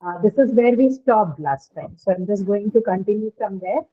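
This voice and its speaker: A woman lecturer explains a topic step by step, regularly pausing to check understanding with a quick "right?". Her voice sits in a middling range and comes through thin and tinny, like a phone line. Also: medium pitch, animated. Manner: explanatory, often ends points with "right?". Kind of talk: online lecture.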